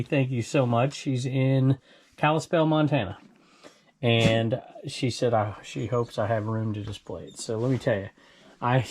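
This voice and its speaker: A man's voice: medium pitch, a little mellow, a little hiss or hum. A man, hosting a casual reselling vlog in a chatty, easygoing way and laughing easily. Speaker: reseller channel host.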